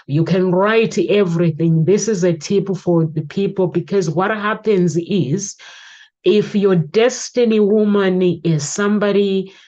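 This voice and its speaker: A woman's voice: on the low side, mellow, lo-fi sound. A woman hosting a talk show, chatting casually, telling stories and putting questions to her guest. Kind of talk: casual advice chat.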